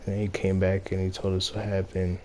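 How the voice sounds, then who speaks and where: A man's voice: low-pitched, completely flat delivery, fairly quick, dark tone, a little hiss or hum. A young man from Los Angeles casually telling a story, rambling with many fillers and a lot of swearing. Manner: rambling, heavy on fillers and profanity.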